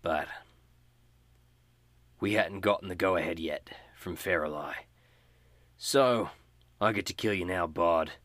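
A man voicing a cruel, smug male thug who sneers in an unhurried way, in a tabletop game. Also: sits low, a bit bright, dry recording. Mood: taunting.

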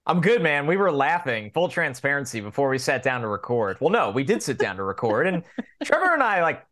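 A man co-hosting a casual sports podcast, telling stories in an animated, rambling way. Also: medium pitch, brisk. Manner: animated storyteller, rambling restarts, laughs. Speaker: podcast co-host.

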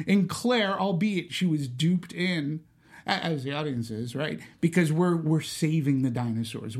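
A man talks through a film in a loose, animated podcast chat. His voice sits a little high for a man, and he stops and restarts his sentences as he works out his thoughts. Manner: animated, thinks aloud with many restarts. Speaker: podcast co-host. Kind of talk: casual film discussion.

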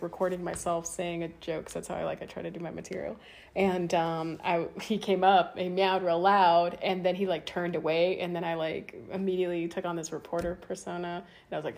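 A woman's voice: lowish voice, creaky, a little mellow. A woman co-hosting a podcast in casual chat, joking and rambling through her points. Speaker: podcast co-host.

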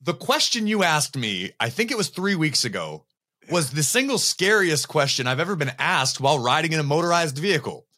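A man's voice: a little high, sing-song, bright, forceful tone. A man hosting a wrestling podcast, chatting casually and teasing his co-host. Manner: teasing, quick banter.

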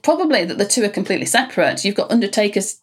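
A woman's voice: medium pitch, sing-song, very fast, slightly rough. A woman Egyptologist in a podcast interview, explaining in a chatty way and often restarting her sentences. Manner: chatty, restarts often, laughs between points. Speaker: Egyptologist answering listener questions. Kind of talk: conversational expert explanation.

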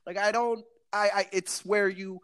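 A man's voice: fairly even intonation, a little slow, fairly bright tone, smooth, no echo. A man in his thirties, a comedian guest on a podcast, talking in a rowdy, profane way and throwing his voice around in quoted bits. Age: 30s. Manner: rowdy, profane, swings pitch wildly in acted quotes. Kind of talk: casual podcast chat.

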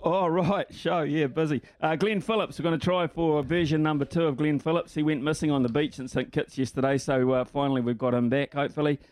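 A man's voice: a little high, steady tone, fairly quick, few pauses, darkish tone. A man, a radio sports host talking casually with many hesitant fillers. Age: 60s.

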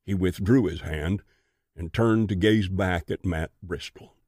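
A man reads a western audiobook in a slow, measured way. His voice sits a little low and is recorded dry and close, with no room sound. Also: a little mellow, dry recording. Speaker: narrator.

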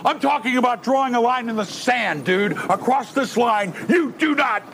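An actor playing a blustering middle-aged bowler who lectures and swears, in a film clip with background noise. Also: male voice, extremely high pitch, moderate pace, vocal fry. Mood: lecturing. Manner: hectoring, pedantic, swears a lot.

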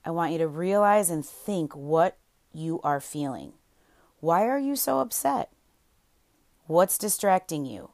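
A woman's voice: low voice, dry recording, clean studio sound. A woman in her forties hosting a podcast, talking in a playful, sarcastic and encouraging way. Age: 40s. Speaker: podcast host. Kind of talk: motivational podcast monologue.

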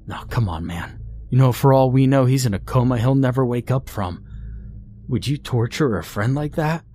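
A man playing Joe, an unhinged young friend who talks fast and insistently with a quiet menace. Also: mid-range voice, expressive, a little hiss or hum, pitched above the performer's own voice, lightly acted. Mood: pleading.

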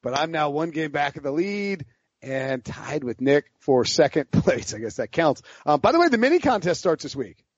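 Male podcast host, fairly high voice, rambling and animated, quick to laugh; dull, dry lo-fi mic. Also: dry recording. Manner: rambling, animated storyteller who laughs mid-sentence. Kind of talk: casual sports podcast banter.

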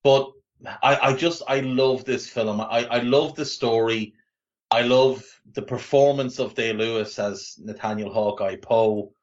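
A man's voice: mid-range voice, fairly even intonation, measured pace, lo-fi sound. A man co-hosting a podcast in casual, enthusiastic chat, often repeating himself. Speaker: podcast co-host.

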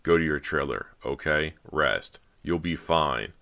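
Calm firm movie director guy, read by a man, super deep voice, soothing and steady. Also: measured pace, creaky, heavily acted. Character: stern but gentle male film director.

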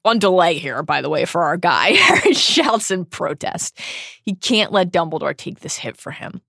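Woman podcast host summing up chapters, lowish voice, dry close sound. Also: big pitch swings, creaky, pushed and bright, no echo. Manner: brisk summarizing with emphatic asides. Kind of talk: recapping a book chapter.

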